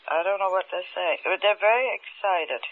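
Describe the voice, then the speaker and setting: A woman's voice: on the low side, slight background noise. Woman recalling events under hypnosis on a tinny old tape. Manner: halting, hesitant, many restarts; grows agitated and insistent. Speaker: hypnosis subject. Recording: raw, poor archival tape, phone-like.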